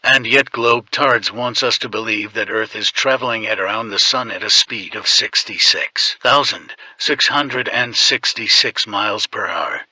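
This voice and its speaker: A man's voice: lowish voice, normal speed, few pauses, bright, forceful tone, breathy edge, poor audio. A man reading a sneering scripted voice-over.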